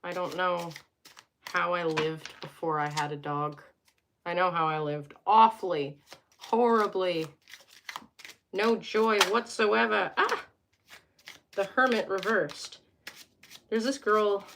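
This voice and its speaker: A woman's voice: fairly low pitch, a bit bright, a little hiss or hum. A young woman hosting a casual live stream from home, reading tarot cards and chatting with viewers, joking and wandering off into asides.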